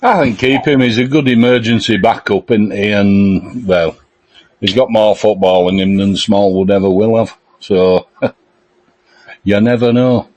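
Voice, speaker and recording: Guy with a lowish voice, sure of his opinions, podcast chat. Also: a little slow, a little mellow, no echo. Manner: confident, opinionated. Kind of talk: casual fan podcast chat.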